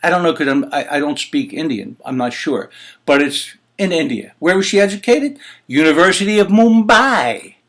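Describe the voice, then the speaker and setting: A man's voice: on the high side, expressive, normal speed, a bit bright. A man hosting his own opinion show, ranting in an indignant, exasperated way with swearing and rhetorical questions. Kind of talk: heated opinion commentary.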